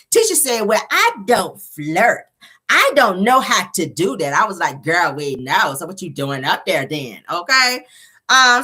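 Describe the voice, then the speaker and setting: A sassy woman dishes a reality show recap in casual gossip, laughing often and acting out the quotes. Her pitch swings all over, her tone is bright and sharp, and her voice has a husky edge.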